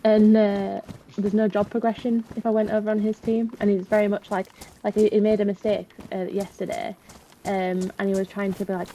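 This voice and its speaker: A woman's voice: mid-range voice, level tone, a little fast, mellow, slight background noise, rough recording. A woman chatting casually, venting with lots of fillers. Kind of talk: casual chat.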